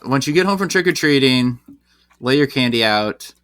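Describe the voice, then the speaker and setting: A man's voice: medium pitch, expressive, normal speed, fairly bright tone, smooth, no room sound, clean studio sound. A man hosting a casual comedy podcast, laid-back and laughing often as he leads the segment. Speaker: podcast host.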